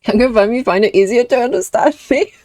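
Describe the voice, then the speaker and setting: A woman's voice: fairly high pitch, fast talker, darkish tone, no room sound. A young British woman chatting casually with her viewers while drawing on stream, reading chat and laughing often. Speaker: artist streamer.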